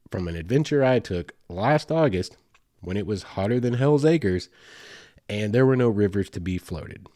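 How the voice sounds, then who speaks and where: Recorded cleanly in a studio with no room sound, a fortysomething podcast host with a Southern US accent tells a meandering, casual story, dropping in asides and fillers along the way. His voice is on the low side and mellow.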